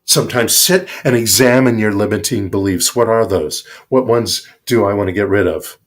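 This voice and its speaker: A male minister giving a sermon, speaking in a slow, reflective and emphatic way. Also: fairly low pitch.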